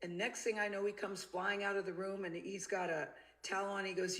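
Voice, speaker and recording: A woman's voice: medium pitch, fairly quick, few pauses. A woman telling a personal story in an interview clip, acting out the voices she quotes. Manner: animated, acts out the quoted voices. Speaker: interview guest.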